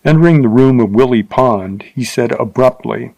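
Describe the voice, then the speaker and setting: A man narrating a story in a steady, measured way, at a middle pitch. The sound is close and dry, with no room around it. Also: vocal fry, no echo, low-quality recording. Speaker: audiobook narrator.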